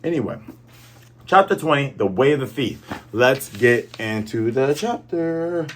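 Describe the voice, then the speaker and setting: A young man hosting a manga review, casually recapping a chapter and acting out the characters' lines in quick, playful voices. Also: mid-range voice, animated, a little hiss or hum.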